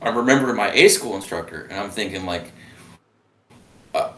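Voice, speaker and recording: Halting young man in a roomy, distant recording. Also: lowish voice, lively intonation, fairly bright tone. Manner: halting, full of restarts and fillers. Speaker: guest, former submarine sailor. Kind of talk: casual storytelling.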